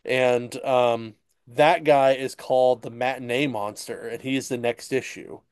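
A man chats loosely about a comic, circling back and jumping into little voiced asides as he retells it. His voice is smooth and clear, recorded close and dry with no room sound. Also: medium pitch, steady tone, no echo. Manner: rambling, retells stories with quick voiced asides. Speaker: comic book podcast host. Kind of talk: casual chat.

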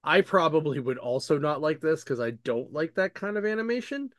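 A man's voice: fairly high pitch, lively intonation, brisk, fairly bright tone, no room sound, clean studio sound. A man hosting a casual chat, rambling with many fillers and restarts as he retells story scenes in his own voice. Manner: paraphrases characters' lines in his own voice. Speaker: podcast host reviewing comic books.

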